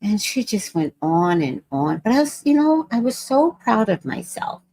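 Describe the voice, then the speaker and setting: A woman hosting a casual livestream, telling an animated story and acting out other people's lines in voices. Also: on the high side, moderate pace, dry recording. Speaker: vlog host.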